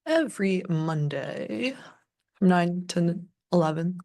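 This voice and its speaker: Woman, young adult, livestream co-host, casual rambling chat, gravelly vocal fry. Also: fairly low pitch, lively intonation, slow pace, warm tone. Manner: loose, rambling, many fillers and restarts.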